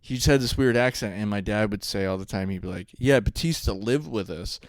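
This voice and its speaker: A man's voice: fairly low pitch, a little fast, dry recording, studio quality. A young man co-hosting a podcast, telling rambling stories in casual chat and laughing often. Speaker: podcast co-host.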